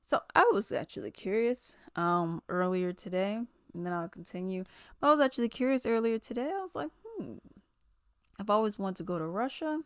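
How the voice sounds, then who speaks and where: A woman giving casual commentary, sarcastic and animated, often mimicking others in quoted voices. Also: mid-range voice, brisk, clean tone, dry recording, studio quality. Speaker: commentary vlogger.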